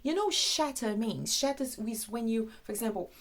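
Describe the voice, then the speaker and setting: A woman's voice: fairly high pitch, moderate pace. Chatty Brazilian woman teaching English. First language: Portuguese. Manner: chatty, animated, switches into Portuguese asides. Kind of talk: casual video lesson.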